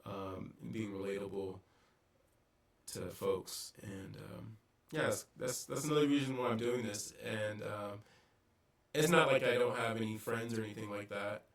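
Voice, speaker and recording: A man vlogging a casual, reflective monologue, pausing often with ums and restarts, recorded on a distant mic with poor audio. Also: fairly low pitch, steady tone. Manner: halting, many ums and restarts.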